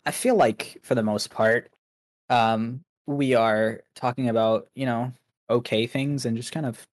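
Man, streamer guest, casual livestream chat, loose and rambling, mid-pitched voice.

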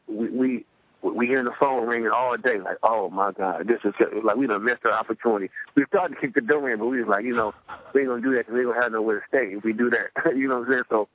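A middle-aged man from Cleveland, a rapper guest, telling a story casually, often repeating words as he restarts, and lifting his pitch to act out quoted voices. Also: no room sound, rough recording. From Cleveland, USA. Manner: loose, repeats words while restarting sentences.

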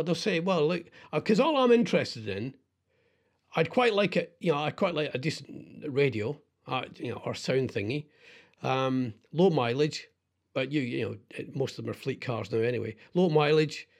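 A middle-aged male radio host rambles through casual chat, stopping and restarting often and making self-deprecating asides. His voice is fairly high in pitch.

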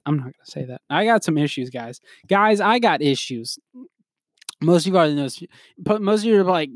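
A young man talks through a personal story on his own podcast, full of restarts, fillers and laughter. His voice sits a little high for a man. The recording is close and dry, with no room sound. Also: animated, a little fast, no echo. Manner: rambling, laughing, quoting others in put-on voices. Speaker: podcast host. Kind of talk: casual solo podcast chat.

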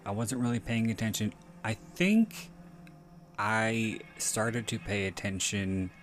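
Male podcast host, deep and unhurried, loose rambling commentary with swearing. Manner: rambling, frequent self-corrections and profanity. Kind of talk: casual movie commentary.

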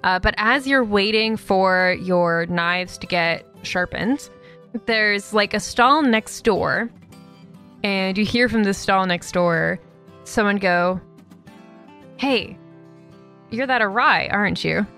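Woman gm narrating, bright voice, lots of likes and uhs, soft guitar behind. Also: mid-range voice, slow. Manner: loose, many fillers and likes. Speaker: game master. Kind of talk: narrating a tabletop game.

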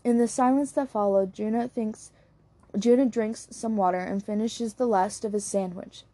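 A woman reading an audiobook as its narrator, in an even, unhurried way. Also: mid-range voice, dry recording. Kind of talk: scripted narration.

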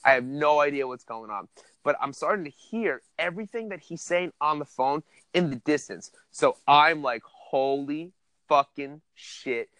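A man's voice: on the high side, animated, moderate pace, fairly bright tone, dry recording. A man telling a profane story on a comedy podcast, laughing through it.

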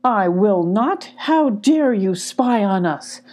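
Pompous council dog, slow and indignant played by a woman, warm storybook voice. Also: mid-range voice, animated. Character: angry male council chair dog, pompous.

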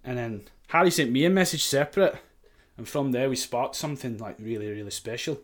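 A young man from Sheffield, England, speaking with a Sheffield accent in a brisk, mid-range voice, guests on a podcast. He tells a story in casual chat, swearing a lot and laughing throughout.

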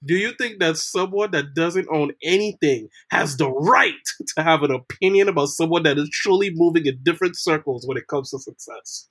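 A man's voice: on the high side, moderate pace, hardly any pauses, fairly bright tone, husky. A man co-hosting a casual podcast, reading the topic questions aloud and often breaking into laughter. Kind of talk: casual group chat.

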